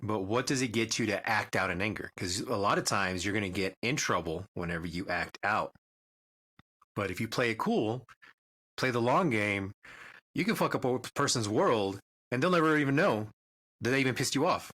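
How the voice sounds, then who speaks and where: A man co-hosting a podcast, talking in a measured, reflective way and giving advice. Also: lowish voice, expressive, a bit bright. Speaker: podcast co-host. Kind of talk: casual chat.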